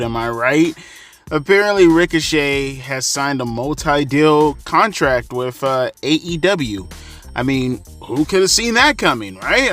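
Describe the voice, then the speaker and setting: A man's voice: on the high side, fairly bright tone. A man hosting a casual opinion vlog as a wrestling commentator, sarcastic and ranting, swearing freely.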